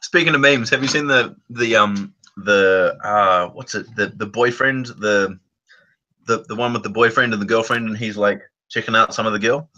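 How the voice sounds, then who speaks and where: A man's voice: lowish voice, normal speed, pushed and bright, dull audio. A man hosting a casual chat, rambling through long stories, restarting his sentences and laughing as he talks. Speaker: channel host.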